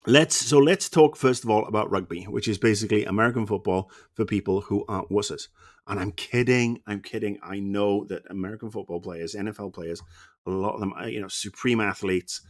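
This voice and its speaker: A man from Wales streaming, talking sport in a casual, blunt and profane way full of teasing banter. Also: fairly low pitch.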